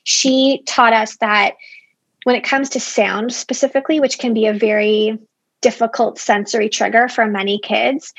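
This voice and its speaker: A young woman speaks as a company founder in a relaxed interview, candid and chatty, dropping "like" all through. Her fairly high voice carries a gravelly fry. The sound is close and dry. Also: moderate pace, dry recording, poor audio. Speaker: app company founder as guest. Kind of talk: casual interview conversation.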